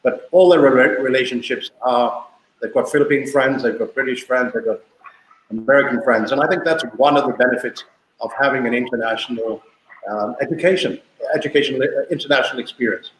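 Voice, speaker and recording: A man's voice: medium pitch, a little fast, fairly bright tone, slight background noise. A man in his sixties from South Africa, a guest telling family stories in a chatty, anecdotal way and often repeating himself. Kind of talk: casual storytelling interview. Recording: echoey room.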